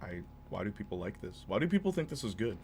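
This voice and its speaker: A young man streaming gameplay, chatting in a rambling, excitable way with lots of fillers and tangents. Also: lowish voice, fast, a little hiss or hum. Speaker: gaming streamer. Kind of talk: livestream gameplay commentary.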